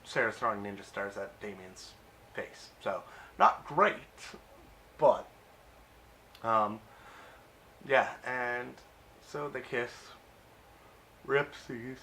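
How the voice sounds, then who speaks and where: A man talks through a TV episode recap in an easygoing, amused way, filling gaps with uh and um. His voice sits in an ordinary middle pitch. A faint hiss runs under the recording. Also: lively intonation, slow pace, long pauses, bright, forceful tone. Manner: chatty, amused, peppered with uh and um. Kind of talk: casual recap and review.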